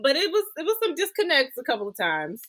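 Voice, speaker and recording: A woman's voice: high voice, huge pitch swings, fast, a bit bright, poor audio. A woman from Georgia co-hosting a podcast, chatting casually and retelling scenes by quoting the characters. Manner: storytelling, quoting characters in voices. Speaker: podcast co-host. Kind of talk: casual chat.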